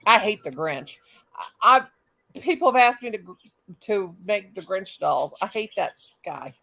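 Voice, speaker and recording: A woman's voice: mid-range voice, very animated, unhurried, gravelly, sharp tone. An older woman hosting a casual live stream, chatting, greeting viewers by name, and humming and singing to herself between remarks.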